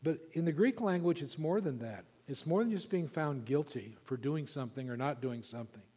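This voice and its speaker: A pastor preaching an expository sermon, emphatic and repeating key words for stress. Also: male voice, a little high, expressive, fairly quick, warm tone, slightly rough. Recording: long reverb of a large hall.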